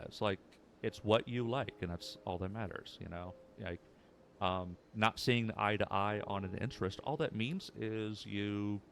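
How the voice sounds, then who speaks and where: A man's voice: lowish voice, vocal fry. A young man telling a casual story in a laid-back, rambling way, full of fillers. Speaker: streamer in a recorded clip.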